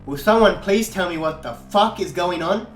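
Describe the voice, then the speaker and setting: A man's voice: lowish voice, expressive, slow pace, pushed and bright, voice pushed down, heavily acted. Man playing kidnapped guy, exasperated swearing, echoey room, faint guitar. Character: terrified kidnapped ordinary man.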